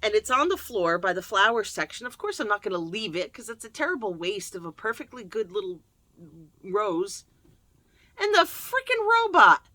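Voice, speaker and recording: Animated, bright-voiced woman. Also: medium pitch, a little fast, dry recording. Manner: animated, jokey, laughs often. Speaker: self-help video host. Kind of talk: casual chatty monologue.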